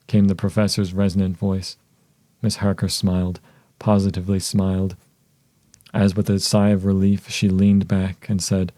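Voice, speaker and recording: A man narrating a classic novel as an audiobook, calm, measured and soothing. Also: low voice, no echo. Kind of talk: slow audiobook reading.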